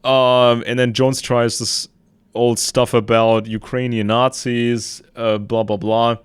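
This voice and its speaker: Male podcast host, mid-pitch, conversational commentary, dry room. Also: little pitch movement, takes it slowly, clear, resonant tone, dry recording. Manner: conversational, retells a debate with quotes and asides. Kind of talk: casual political commentary.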